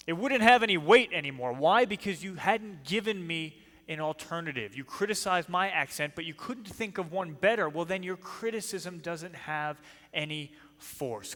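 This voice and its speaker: Man with a New Jersey accent, emphatic church speaker, higher voice, reverberant hall. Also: a bit bright. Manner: emphatic, rhetorical questions to the audience. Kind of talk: church apologetics talk.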